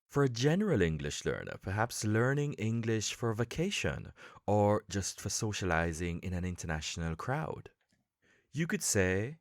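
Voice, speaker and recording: A man hosting a podcast lesson for English learners, explaining in a calm, measured way with emphatic pauses. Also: lowish voice, no room sound, studio quality. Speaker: podcast host and English coach.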